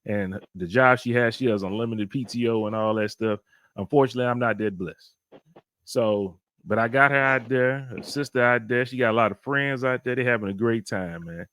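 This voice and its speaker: Man, podcast co-host, casual chat, halting restarts, mid-pitched voice. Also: fairly bright tone, dry recording. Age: adult married man. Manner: rambling, halting with many restarts.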